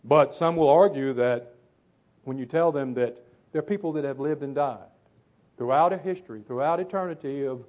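Emphatic high-voiced male preacher, tinny sound. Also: normal speed. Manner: emphatic, repeats phrases for stress. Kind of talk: sermon with scripture reading.

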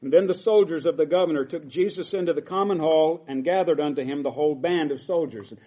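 A man's voice: on the high side, quick pace, warm tone. A middle-aged man preaching a sermon, reading scripture aloud and explaining it with emphatic quoted lines.

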